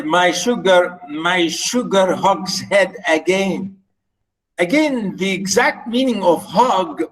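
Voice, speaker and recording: Teaching a novel in an online literature class, a middle-aged man whose first language is Arabic speaks in a voice slightly high for a man. He stumbles through fillers and repeated words, and the recording is rough.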